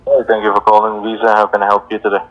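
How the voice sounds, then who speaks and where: A man's voice: lowish voice, monotone, very fast, lo-fi sound. A man with an Indian accent on a scam call, blunt and combative, swearing back at the caller.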